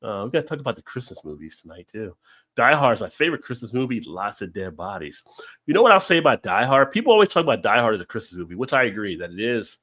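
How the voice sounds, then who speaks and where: A man's voice: medium pitch, fast talker. A man hosting a live stream, chatting casually over drinks, rambling and laughing as he tells stories. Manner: rambling, laughs often, animated storytelling.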